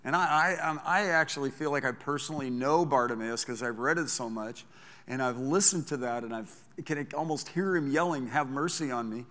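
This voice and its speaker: A man preaching a sermon as pastor, talking in a conversational, animated way with frequent restarts. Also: mid-range voice, fairly quick, long reverb tail.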